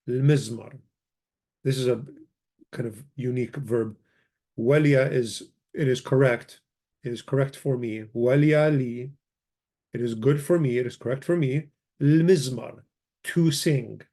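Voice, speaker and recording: A man teaches a grammar lesson in a casual, talky way, reading from a book and stopping to correct himself. His voice is mellow and dark, at an ordinary middle pitch. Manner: casual, thinks aloud, corrects himself, mutters asides. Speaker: language teacher.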